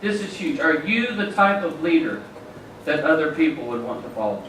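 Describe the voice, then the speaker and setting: A man's voice: on the high side, moderate pace, a bit bright, slight background noise. A man giving an enthusiastic motivational talk at a conference, preaching and telling stories. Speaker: keynote speaker. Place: large conference hall. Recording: echoey hall from far off.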